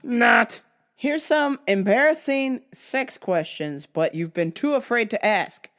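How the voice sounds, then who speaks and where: On her own podcast, a woman with a fairly high, slightly bright voice and lively intonation tells comic stories slowly. She swears a lot and laughs often in this casual storytelling.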